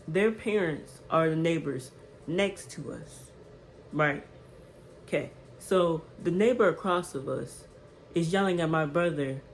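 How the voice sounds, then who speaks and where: A woman around twenty telling a storytime on her vlog, animated and chatty, checking in with "right?" as she goes. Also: sits low, a little hiss or hum, low-quality recording. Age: 20s. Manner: animated, repeats "right?" to the viewer. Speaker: vlogger.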